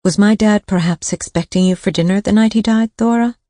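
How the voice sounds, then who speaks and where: A woman's voice: medium pitch, a little fast, warm tone, no room sound, clean studio sound, voice pushed up, natural voice. A woman voicing a persistent adult daughter who asks direct, probing questions, in an audiobook.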